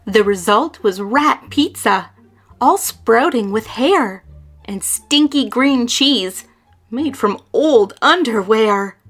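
A woman reading a rhyming children's picture book aloud in a lively, sing-song way. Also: fairly high pitch, slow, soft background music. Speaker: storyteller.

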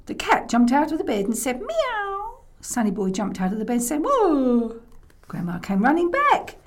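A woman's voice: fairly high pitch, expressive, quick pace, few pauses, mellow. A woman telling a children's story in the oral tradition, playful, making the sound effects and inviting listeners to join in. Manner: playful, with vocal sound effects and audience prompts.

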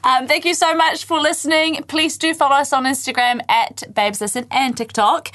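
Young woman, podcast co-host, casual chat, playful, frequent laughs, slightly high voice. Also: a bit bright. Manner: laughs often, chatty and playful.

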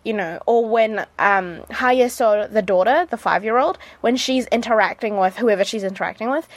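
A woman's voice: mid-range voice, moderate pace, no room sound. Chatty New Zealand woman radio host. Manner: chatty, gushing, many fillers and restarts. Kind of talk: casual drama review. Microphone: studio mic.

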